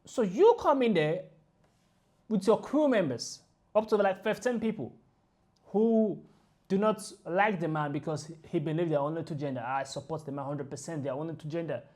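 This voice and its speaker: A woman ranting through a reaction video, emphatic and indignant, repeating her points forcefully. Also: deep voice, normal speed.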